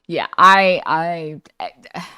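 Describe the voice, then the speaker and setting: A woman's voice: lowish voice, extremely slow, smooth, dry recording. Woman streamer, blunt and swear-happy. Dry close sound. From New York. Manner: blunt, animated, swears freely. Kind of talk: casual reaction stream chat.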